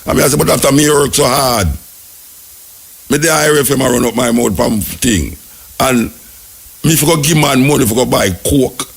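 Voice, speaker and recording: A Jamaican man hosts a radio call-in show, winding through stories in patois. His voice is gravelly and husky, and he talks at a middle pitch. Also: moderate pace, pauses often. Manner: rambling patois storytelling with acted quotes. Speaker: radio talk show host. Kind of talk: casual storytelling and call-in chat.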